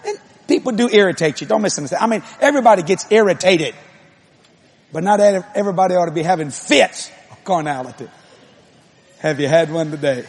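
A male preacher with a high, somewhat husky voice delivers a sermon. He talks casually and jokes with the congregation, then climbs into loud, emphatic repetition. The pitch runs high and the tone has a breathy edge. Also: animated, fairly quick.

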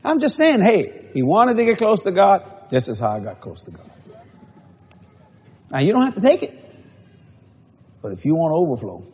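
A man's voice: high voice, wildly swooping pitch, moderate pace, pauses often, darkish tone, slightly rough, highs cut off. A man preaching a sermon in a folksy, storytelling way, often breaking into laughter. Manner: laughs often between phrases.

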